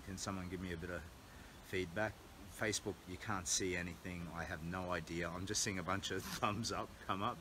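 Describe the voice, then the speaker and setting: Low-voiced Australian man on a livestream. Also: a bit bright, slight background noise, rough recording. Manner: candid, rambling, earnest. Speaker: charity walker livestreaming. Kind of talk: casual livestream vlog. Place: small cabin indoors. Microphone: earbud mic, then phone mic.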